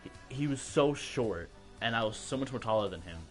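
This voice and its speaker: A man's voice: medium pitch, expressive, brisk, soft background music. A teenage boy hosting a podcast, telling school stories in casual chat and acting out the voices of the people in them. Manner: storytelling, acts out quoted voices, laughs often. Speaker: podcast host.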